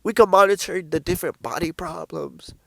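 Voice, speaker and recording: A man's voice: sits high, fairly quick, vocal fry, fairly bright tone, dry recording. A man putting on the voice of a persuasive doctor who sweet-talks patients in a coaxing, snake-like way.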